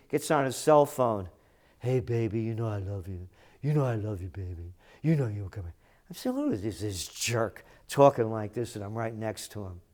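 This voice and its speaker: High-voiced older man ranting in commentary. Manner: combative and sarcastic, bursting into shouted insults. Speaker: host of a trends commentary show.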